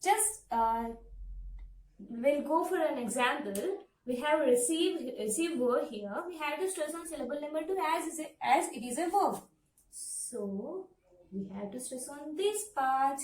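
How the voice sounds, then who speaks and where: A woman teaching syllable stress, explaining step by step and repeating example words slowly. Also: high voice, expressive, a little mellow. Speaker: English pronunciation teacher. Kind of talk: classroom-style lesson to camera. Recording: echoey room, somewhat far from the mic.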